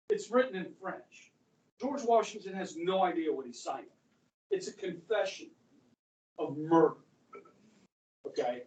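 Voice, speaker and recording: Speaking in a high-pitched, darkish voice, a male American history teacher lectures in a relaxed storytelling style, unhurried and full of pauses. Frequent "okay?" check-ins dot his chatty talk, recorded from far away in a roomy classroom with echo.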